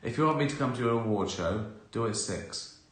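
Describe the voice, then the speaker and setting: On a live stream, a middle-aged man casually answers viewer questions, laughing a lot and acting out little scenes. His medium-pitched voice is animated and brisk, and the sound is reverberant.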